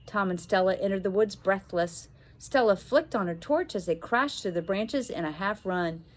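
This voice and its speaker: Woman teacher reading a children's story aloud; middle-pitched voice, expressive, lifts her voice for the kids' lines. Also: normal speed.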